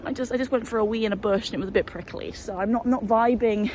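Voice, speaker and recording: Woman vlogger, a touch high, sweary and self-mocking, windy handheld outdoor audio. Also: fairly even intonation, quick pace, a little mellow. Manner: chatty, sweary, self-deprecating. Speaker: hiking vlogger. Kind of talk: casual vlog chat while walking.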